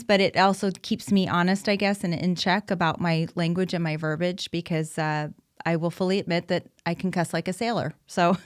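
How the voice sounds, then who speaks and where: Chatty mom podcaster, smooth dry voice. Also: female voice, fairly low pitch, no echo. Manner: chatty and candid, frequent ums and restarts. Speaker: podcast host, mother of an autistic son. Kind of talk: casual solo podcast talk.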